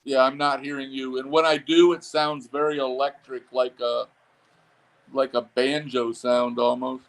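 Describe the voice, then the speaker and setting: A man's voice: mid-range voice, level tone, unhurried. Easygoing man talking over his phone. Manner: easygoing, chuckling, encouraging. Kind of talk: casual chat.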